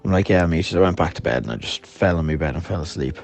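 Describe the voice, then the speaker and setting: A man's voice: extremely low pitch, expressive, fast talker, a little mellow. A hungover man telling a friend a story in a voice note, laughing often and swearing as he rambles. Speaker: podcast host.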